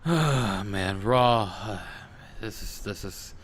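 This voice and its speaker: Low, slow, dry-reacting host. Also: male voice, animated, fairly bright tone. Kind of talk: casual gaming podcast.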